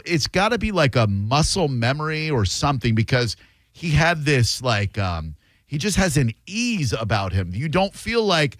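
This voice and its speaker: Male radio host, storyteller, lively delivery, dry studio sound. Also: on the high side, dry recording. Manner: animated, does voices in his stories.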